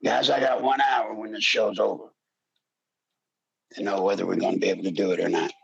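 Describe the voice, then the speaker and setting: An older man with a deeply gravelly, creaky voice delivers a fervent talk radio monologue. His tone is husky and rough, and he often climbs into pleading shouts. He sounds like a seasoned show host talking straight to his listeners. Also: flat delivery, fairly quick, muffled recording. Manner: impassioned, pleading, rising to shouts.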